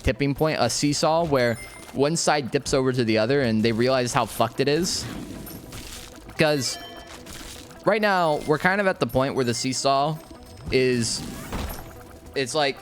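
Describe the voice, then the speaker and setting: A young man casually ranting while playing a video game, slangy and rambling, restarting his sentences often. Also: mid-range voice. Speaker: gaming YouTuber. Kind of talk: rambling commentary over gameplay.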